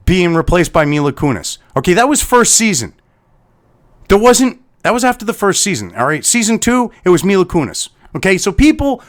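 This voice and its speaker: Angry, swearing man with a lively voice. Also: sits high. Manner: heated, sarcastic, heavy swearing. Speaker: online commentator. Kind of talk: angry profane rant.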